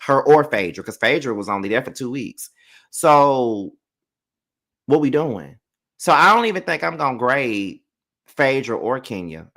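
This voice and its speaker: With a fairly low, gravelly, fairly bright voice, this man casually reviews a reality show live on his channel. He loosely chats his way through grading every cast member, blunt and candid, with plenty of ums.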